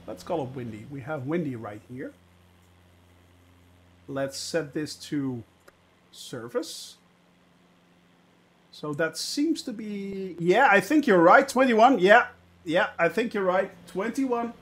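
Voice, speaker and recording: Man, live-stream commentary, relaxed and chatty, high pitch, unhurried. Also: a little hiss or hum. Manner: relaxed, chatty, many filler "uh"s. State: watery eyes, about to sneeze. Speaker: flight sim streamer.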